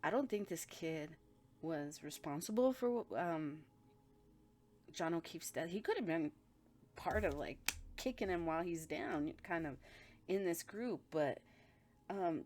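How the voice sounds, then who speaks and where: A woman's voice: fairly low pitch, expressive, a little slow, long pauses, darkish tone, a little hiss or hum. A woman giving a blunt, profane intuitive reading, talking emphatically as she reads the energy of the people involved. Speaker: spiritual reader.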